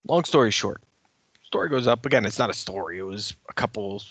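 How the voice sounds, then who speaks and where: A man co-hosting a podcast, telling a story in a casual, animated way and getting worked up as he rants. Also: fairly low pitch, fairly quick, slightly rough, dry recording. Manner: animated, ranting storyteller who grows heated. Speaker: podcast co-host and editor.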